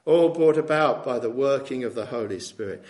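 A man's voice: mid-range voice, animated, moderate pace, darkish tone. A man preaching a sermon in a conversational way, often asking tag questions of his listeners. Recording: echoey room.

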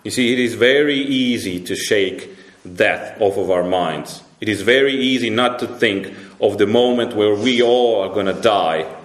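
A low-voiced male pastor delivering a sermon, emphatic and full of repeated restarts. His voice climbs when he drives a point home and sinks low for solemn moments, all carried in the roomy echo of a church. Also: normal speed.

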